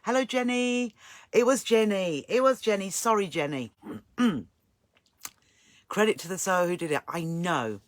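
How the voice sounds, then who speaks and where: A woman's voice: medium pitch, measured pace, pauses often, no echo. An older woman hosts a live sewing stream, chatting casually and greeting viewers by name. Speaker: sewing channel host.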